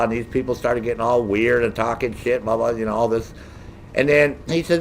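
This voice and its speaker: A middle-aged man ranting casually with a lot of profanity, in a lively, mocking storytelling way. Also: medium pitch, a little fast, a little hiss or hum. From United States. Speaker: gaming streamer.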